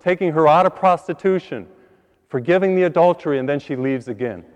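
A priest giving an earnest sermon, repeating words and building to higher emphasis on key points. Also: male voice, a little fast, in a large hall, muffled recording. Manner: earnest, repeats words, rises in pitch when stressing a point.

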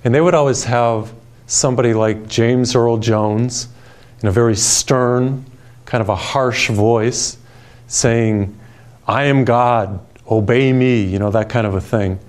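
Soft-spoken guy preaching on tv, calm and soothing, tells little stories. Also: mid-range voice, unhurried. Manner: storytelling with personal anecdotes. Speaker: television preacher. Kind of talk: gentle televised sermon.

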